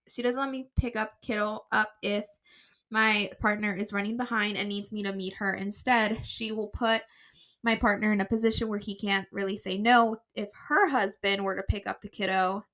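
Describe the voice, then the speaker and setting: Bright-voiced, chatty woman podcast host. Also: mid-range voice, steady tone, moderate pace. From United States. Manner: chatty, reads aloud with fillers and restarts. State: a bit out of breath. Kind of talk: casual podcast chat, reading a listener letter.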